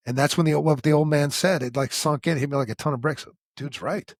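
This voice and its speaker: A man's voice: medium pitch, fairly even intonation, fast talker, hardly any pauses, no room sound, clean studio sound. A middle-aged man, hosting a podcast and telling his story candidly and bluntly, with lots of swearing. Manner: blunt and profane, acting out quoted dialogue. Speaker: podcast host.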